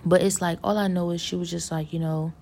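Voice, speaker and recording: A woman with a somewhat low, gravelly voice recounts a vision in a loose, rambling way. She circles back often, restarting thoughts and leaning on fillers while she muses earnestly about faith. Her tone is mellow, with a faint hiss under the recording. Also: level tone, fairly quick. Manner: earnest religious musing. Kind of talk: casual storytelling of a vision.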